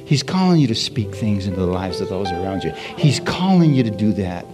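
This pastor's voice sits on the low side and moves briskly as he delivers an animated sermon during a church service. He asks the congregation questions, answers come back, and "Hallelujah" recurs again and again over faint background music.

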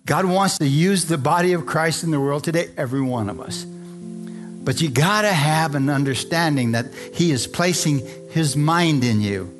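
A man's voice: on the high side, moderate pace, faint music behind. A man preaching a live sermon to a congregation, fervent and repetitive, often calling out to the crowd for an amen. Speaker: pastor. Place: church service before a congregation.

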